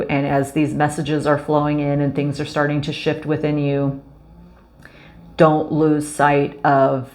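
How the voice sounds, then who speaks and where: A woman's voice: low voice, darkish tone. A woman giving a casual oracle card reading, effusive and gushing, with many fillers. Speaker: spiritual card reader.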